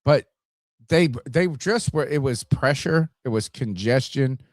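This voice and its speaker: A man's voice: medium pitch, animated, a little slow, dry recording, clean studio sound. A man hosting a sports podcast, reading an ad and giving rambling, casual game analysis. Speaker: podcast host. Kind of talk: casual sports talk and ad read.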